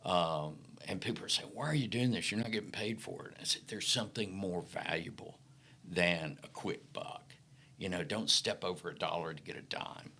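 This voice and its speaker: A middle-aged man from the Delta, a podcast guest telling folksy, animated stories about his career. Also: sits low, moderate pace, gravelly, breathy edge. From Mississippi Delta, American South. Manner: folksy, animated anecdotes with acted-out quotes. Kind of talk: casual storytelling interview.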